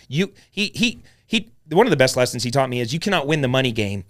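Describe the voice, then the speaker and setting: A man telling his story as a podcast guest, blunt and animated, swearing freely as he talks. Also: medium pitch, fast, few pauses. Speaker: podcast guest, real estate investor. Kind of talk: casual storytelling chat.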